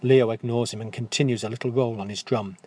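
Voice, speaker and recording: A man narrating a fairy tale in a gentle, unhurried storytelling manner. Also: mid-range voice, fairly even intonation.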